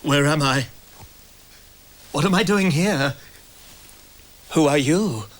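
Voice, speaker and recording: An actor playing a bewildered doctor with amnesia who keeps asking confused questions, in a children's TV comedy. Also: male voice, fairly high pitch, slow.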